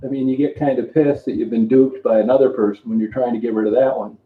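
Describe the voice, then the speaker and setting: A man's voice: mid-range voice, steady tone, quick pace. An older man hosting a casual livestream, rambling and greeting viewers by name between remarks. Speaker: livestream host. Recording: tinny phone-like sound in an echoey room, faint music.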